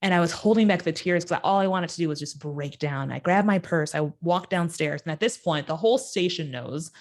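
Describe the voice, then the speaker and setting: A woman guest in an interview telling a personal story, acting out the quoted voices with sudden jumps in pitch. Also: fairly quick.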